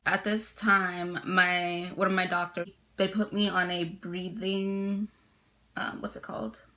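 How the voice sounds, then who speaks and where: A woman's voice: fairly low pitch, flat delivery, takes it slowly, sharp tone. A young woman casually telling a personal story to her viewers, chatty, full of "like" fillers, laughing now and then.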